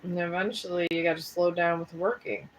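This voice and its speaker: A woman's voice: fairly low pitch, steady tone, fairly quick, slight background noise, low-quality recording. A woman chatting casually on a live stream, rambling and folksy, a bit tired with a sore throat. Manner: rambling and folksy, talks straight to viewers. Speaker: live streamer and tarot reader.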